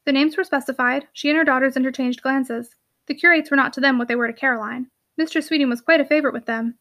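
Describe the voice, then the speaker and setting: A woman reading a classic novel aloud in a brisk, lively narration. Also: high-pitched. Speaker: audiobook reader.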